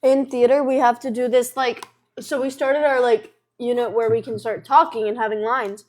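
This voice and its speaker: A teenage girl chatting on a livestream with a slightly high voice, telling a story in an animated way. She talks freely and fills her sentences with fillers. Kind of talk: casual chat on a livestream.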